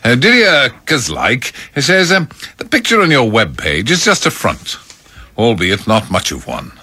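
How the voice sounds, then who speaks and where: A man's voice: mid-range voice, wildly swooping pitch, moderate pace, sharp tone, husky, no room sound. A man presenting a breakfast radio show from a studio, chatting in a wry, self-mocking, rambling way. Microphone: studio microphone.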